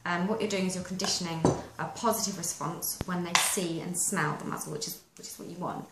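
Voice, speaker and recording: A woman's voice: on the low side, fairly even intonation, fairly quick. A woman, a dog trainer giving practical step-by-step instructions in a chatty manner. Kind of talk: instructional how-to video. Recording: echoey room with faint noise.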